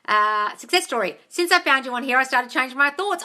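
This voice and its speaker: Aussie lady doing a live q&a on her phone, bright sharp voice, says darling a lot, swears casually. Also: high voice, expressive, a little fast. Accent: Australian. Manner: chatty, calls viewers darling, swears casually. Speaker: manifestation coach host. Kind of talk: live-stream Q&A, reading comments.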